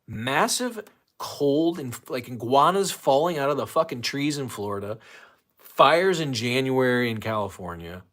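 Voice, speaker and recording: Ranting and cursing freely, the St. Louis man hosts a casual livestream and reads viewers' chat aloud. His medium-pitched voice is expressive and a bit bright, moving at a moderate pace.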